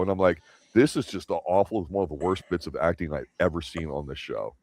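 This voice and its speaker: A deep-voiced man hosts a casual review chat, talking in a rambling, opinionated way and often restarting his sentences. His voice sits very low, and the recording is dry and close. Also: brisk, hardly any pauses, darkish tone, no echo. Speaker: host of a TV review show.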